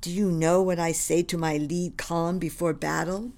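A woman's voice: fairly low pitch, fairly even intonation, normal speed, a little mellow, natural voice. A woman reading the lines of a devoted male general in love, earnest and reverent in manner. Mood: tender.

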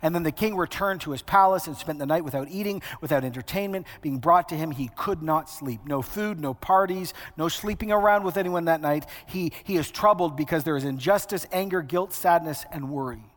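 Male preacher, high voice, wry and emphatic, sermon in a reverberant hall. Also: brisk, few pauses. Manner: conversational, wry, emphatic repetitions.

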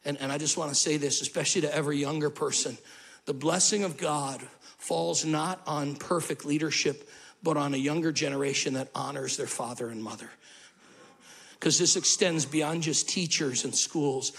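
A male pastor preaching a sermon in an animated way, with humorous asides and acted-out quotes. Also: fairly high pitch, moderate pace, gravelly, breathy edge.

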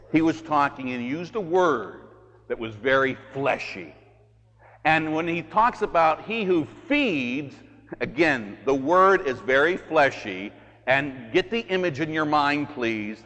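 A man, a priest, preaching a sermon in an animated way, moving from loud urging to hushed, quiet passages. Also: a little high, a little slow, in a large hall. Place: church.

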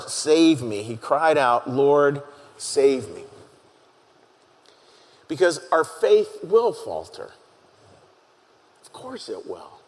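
A man preaching a sermon as pastor, earnest and halting, often repeating his key phrases for emphasis. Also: a little high. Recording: long hall reverb.

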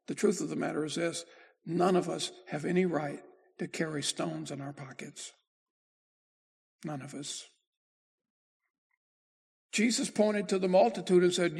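A male pastor preaching a sermon, slow and deliberate, with his voice swelling and dropping in volume. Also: on the high side, vocal fry, darkish tone, husky.

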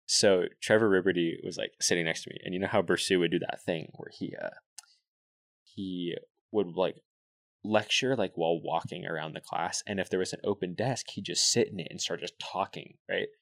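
A man's voice: low-pitched, moderate pace, vocal fry, a bit bright, no room sound, studio quality. A young man, a podcast co-host, telling long rambling stories in casual chat, full of "like". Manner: rambling storyteller, heavy use of filler "like".

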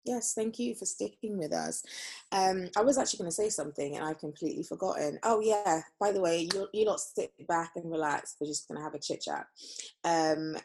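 A young woman co-hosting a podcast in casual chat, easygoing and giggly, often speaking softly. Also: fairly low pitch, a little fast. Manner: giggly, easygoing, soft-spoken. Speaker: podcast co-host.

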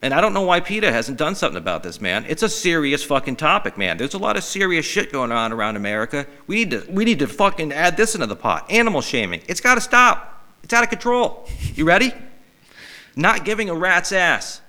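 A man's voice: on the high side, fast, hardly any pauses. A middle-aged man hosting a casual comedy podcast, swearing freely and putting on mock outrage. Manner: profane, animated, mock-outraged. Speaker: podcast host.

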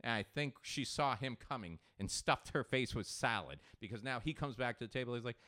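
A man hosts a podcast and tells stories in casual chat. His voice is smooth and clear, at a middle pitch. He swears freely and acts out the lines of the people in his stories. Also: brisk, hardly any pauses. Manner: animated storyteller who swears freely and acts out quotes. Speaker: podcast host.

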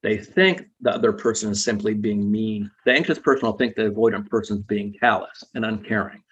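A man's voice: on the low side, fairly quick, a bit bright, husky. A man, a psychologist guest, explaining ideas patiently in an interview and often checking in with tag questions. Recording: dull lo-fi recording.

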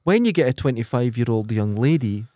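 A man's voice: medium pitch, lively intonation, brisk, mellow, dry recording, studio quality. Chatty man telling wry stories. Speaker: podcast co-host. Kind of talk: crude casual chat.

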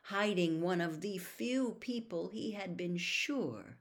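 A woman reads a novel aloud as narrator, with steady, measured storytelling. Her voice sits low for a woman. She keeps an even pace between the characters' lines. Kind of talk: audiobook narration.

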